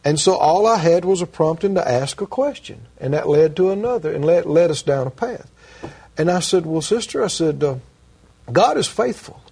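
A man's voice: on the high side, lively intonation, normal speed, mellow, slightly rough. A man who works as a minister, earnestly teaching and telling stories in a Christian conversation, repeating his key phrases for emphasis.

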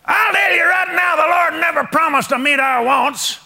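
A man's voice: very high-pitched, normal speed, creaky, pushed and bright, raised voice, pitched above the performer's own voice, heavily acted. An older man acting out an angry man who hollers and insists at a preacher. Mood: indignant.

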